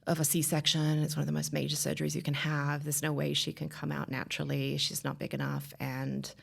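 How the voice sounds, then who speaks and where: Woman, 30s, podcast guest; low, strongly gravelly voice, earnest, rambling delivery. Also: monotone, fairly quick. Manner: earnest, rambling with many restarts and fillers. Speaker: guest telling her story. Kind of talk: podcast interview, personal story.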